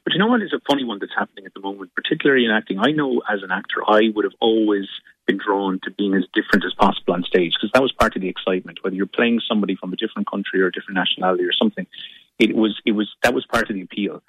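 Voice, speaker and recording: An Irish actor speaking quickly and reflectively as a radio guest, often circling back to his thought. His voice is low and husky, coming over a muffled, lo-fi line. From Ireland. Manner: thoughtful, rambling. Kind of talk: radio interview.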